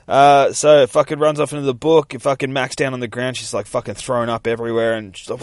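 Animated, swearing male podcast host. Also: mid-range voice, fast, few pauses, no room sound, studio quality. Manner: animated, profane storytelling that acts out characters. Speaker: comic book podcast host. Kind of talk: casual solo podcast recap.

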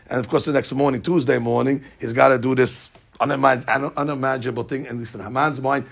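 A man giving a lively, jokey storytelling lesson as a religious teacher. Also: medium pitch, a little fast, creaky, breathy edge. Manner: lively, jokey, acts out scenes.

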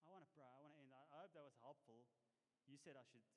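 A man preaching a sermon to a congregation, lively and self-deprecating, laughing at himself between points. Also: mid-range voice, quick pace. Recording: long hall reverb.

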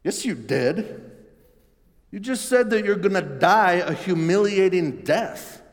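Pastor putting on a blunt, disbelieving disciple who argues back, a notch higher and louder, in a reverberant hall. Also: male voice, expressive, normal speed, natural voice. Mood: incredulous. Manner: protesting, pushing back hard. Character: Peter, an adult male disciple, blunt and incredulous. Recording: long reverb in a large hall.

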